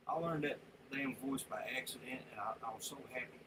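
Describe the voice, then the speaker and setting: A man's voice: mid-range voice, brisk. A man livestreaming, rambling and swearing in casual chat. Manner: rambling, profane, drawling Southern-style talk. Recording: noisy room sound.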